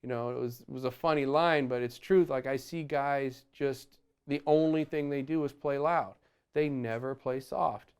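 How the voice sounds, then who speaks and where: A man teaching a drum lesson, explaining dynamics in a relaxed way and sometimes scatting phrases, with drums playing behind him. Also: mid-range voice, moderate pace, smooth. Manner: explains while playing, counts beats aloud loudly over drums; scats horn phrases to show accents. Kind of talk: instructional lesson. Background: drum kit playing.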